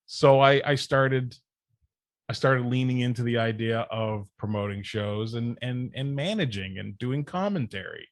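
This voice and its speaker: A man of ordinary pitch talks as a guest on a podcast, recounting his past in an easy, casual way. He gets animated and laughs often while telling it. The sound is close and dry with no room around it. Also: measured pace, long pauses, dry recording. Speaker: podcast guest, wrestling manager. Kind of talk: casual storytelling chat.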